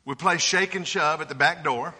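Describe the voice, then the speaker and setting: A man preaching a sermon, telling folksy, humorous stories in a lively way. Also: on the high side, moderate pace. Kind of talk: sermon with storytelling. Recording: reverberant hall.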